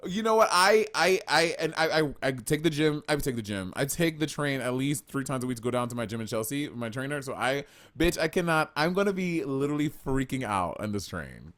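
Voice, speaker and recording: Blunt excitable man, casual chat. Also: medium pitch, a little fast, few pauses. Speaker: podcast co-host.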